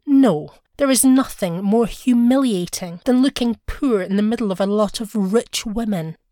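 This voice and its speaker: A woman's voice: medium pitch, moderate pace, mellow, no room sound, natural voice. A discontented young wife who longs for finer things speaks in a thin, plaintive tone, put on by a woman reading the tale. She sounds clipped and dry, with no room around her. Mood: bitter.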